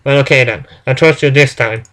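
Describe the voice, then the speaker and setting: A man's voice: medium pitch, fairly quick, a bit bright, natural voice. A man voicing a strict, fussy male lab supervisor who nags and checks the work. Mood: stern. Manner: stern, nagging.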